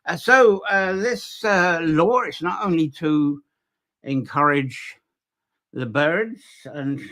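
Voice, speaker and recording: A man's voice: on the high side, slow, fairly bright tone. A man hosting a live nature folklore stream from Ireland, talking loosely with many fillers and restarts. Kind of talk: live-streamed solo talk.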